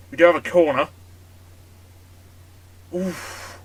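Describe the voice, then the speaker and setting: A man giving casual, chatty commentary over a football management game. He bursts into excited shouting at big moments. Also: fairly high pitch, a little slow. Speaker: gaming YouTuber.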